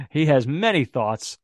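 A man talks football on a podcast, his voice sitting a little high for a man. He thinks aloud, circling back with fillers and restarts. The sound is dry and close, with no room around it. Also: no echo. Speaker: podcast co-host. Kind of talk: casual football podcast chat.

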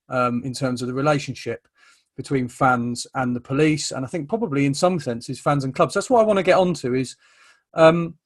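A man hosting an interview, talking thoughtfully with many ums and stammered restarts. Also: medium pitch. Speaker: interviewer, host. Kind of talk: conversational interview.

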